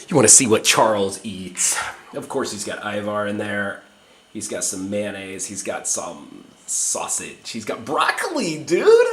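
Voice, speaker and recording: A man talks on in a loose, rambling, chatty way, swearing casually as he tours a small apartment. His voice sits at an ordinary pitch and sounds a little distant from the camera mic. The room around him is strongly echoey, with a faint hum of ambience. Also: fairly bright tone. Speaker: vlogger. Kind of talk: casual vlog chat and apartment tour.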